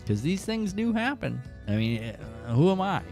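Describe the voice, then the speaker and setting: A man hosting a live fishing stream, telling stories in a rambling, chatty way and often jumping into excited high bursts. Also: moderate pace, faint music behind. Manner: rambling, chatty, lots of "you know what I mean". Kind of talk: casual live-stream storytelling.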